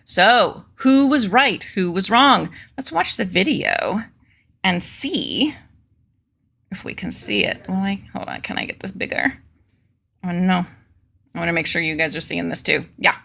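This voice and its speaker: A woman's voice: lowish voice, a little slow, creaky, a bit bright. A woman hosting a casual political commentary stream, reading news aloud with sarcastic, chatty asides to her viewers.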